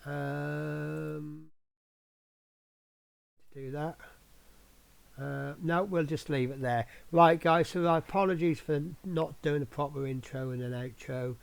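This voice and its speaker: A man's voice: a little high, steady tone, slow pace, vocal fry, pauses often, clean tone, no room sound. A man hosting his own scale model channel, giving a rambling, chatty update full of ums. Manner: rambling, filler-heavy, chatty.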